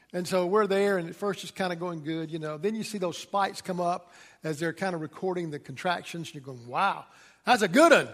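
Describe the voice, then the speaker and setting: A man's voice: on the high side, big-room sound. A middle-aged man preaching a sermon to his congregation, telling folksy stories with plenty of fillers and restarts. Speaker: pastor. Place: church.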